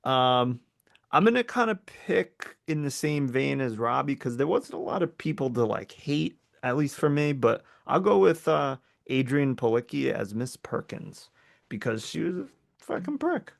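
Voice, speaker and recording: Gravelly man chatting hesitantly. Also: medium pitch, expressive, normal speed. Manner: hesitant, many fillers, swears casually. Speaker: podcast co-host. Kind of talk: casual movie chat.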